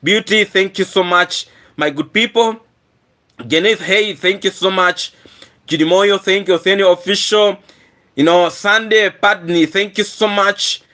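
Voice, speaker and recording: A man hosting a casual live stream, hoarse and often clearing his throat, repeating earnest thanks to his viewers. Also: high voice, fairly even intonation, a little slow, bright, forceful tone. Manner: repetitive, earnest thank-yous.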